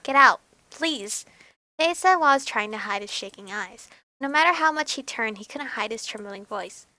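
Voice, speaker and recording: A woman hosting a let's play, reading a visual novel aloud and reacting in an animated, exclaiming way. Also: a little high, a little fast, no room sound.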